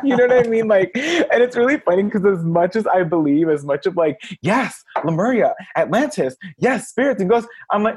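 A man guest on a podcast, chatting casually and telling stories with big acted-out quotes that jump high. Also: normal speed, few pauses, breathy edge. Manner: animated storyteller, acts out quotes in big high voices. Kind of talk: casual chat. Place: Los Angeles area.

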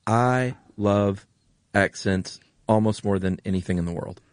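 Deep-voiced, gushing American podcast host. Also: male voice, measured pace, no room sound, clean studio sound. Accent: General American. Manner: enthusiastic, gushing. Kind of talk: casual chat.

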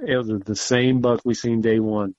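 A man casually telling a hunting story, animated and swearing often as he acts out what people said. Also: medium pitch, moderate pace, no echo, highs cut off. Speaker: podcast guest, hunter.

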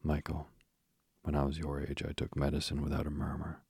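A man's voice: very deep voice, monotone, a little fast, vocal fry, a little mellow, breathy edge, dry recording, clean studio sound, heavily acted. A man voicing a proud, pompous father who blusters and sulks like a child. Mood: blustering. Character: pompous proud father, sulking over medicine.

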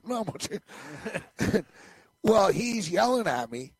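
A man's voice: sits high, big pitch swings, slow, breathy edge, no room sound. A man co-hosting a podcast, telling a long anecdote in a loose, rambling way and laughing along. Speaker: podcast co-host. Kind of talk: casual storytelling chat.

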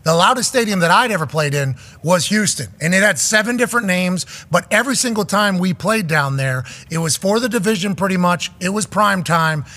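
A male host of a sports talk show, joking loudly and often shouting with high energy. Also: animated, fairly quick, few pauses.

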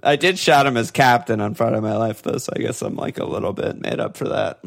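A man's voice: medium pitch, brisk, creaky. A man co-hosting a casual fantasy football chat, laughing often and swearing as he retells matches. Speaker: podcast co-host.

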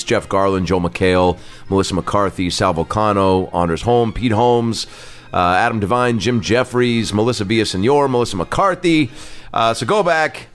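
Lowish-voiced guy doing a loose jokey podcast intro, lots of ums, faint music under it. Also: fairly bright tone. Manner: loose and chatty, lots of uh and um fillers; swears casually, jokey. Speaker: podcast host.

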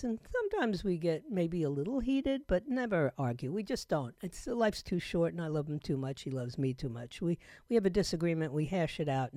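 A middle-aged woman hosting a talk radio show, talking in an emphatic, conversational way that swings between loud and hushed. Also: fairly low pitch, no echo, clean studio sound. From South Florida. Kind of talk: opinionated talk radio monologue. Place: radio studio. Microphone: studio microphone.

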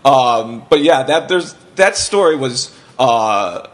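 A man's voice: medium pitch, lively intonation, slow pace. A man with a mid-range voice chats casually on a podcast. He tells long, winding stories, swears freely, restarts his sentences often and slips into other people's voices to quote them.

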